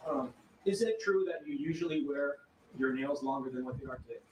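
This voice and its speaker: Fast-talking lawyer in an echoey courtroom. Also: male voice, a little high, darkish tone, lo-fi sound. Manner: pressing, repeats yes-or-no demands. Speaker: attorney. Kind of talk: cross-examination. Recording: distant, echoey courtroom audio with noise.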